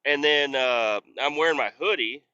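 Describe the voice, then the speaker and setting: A man's voice: mid-range voice, normal speed, pushed and bright, dry recording, highs cut off. Profane, rambling man telling a story. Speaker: podcast host. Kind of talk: casual storytelling.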